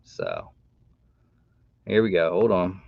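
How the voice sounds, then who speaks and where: A man hosting a casual live stream, chatting in a relaxed, rambling way. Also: deep voice, slow, creaky. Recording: dull dry home mic sound.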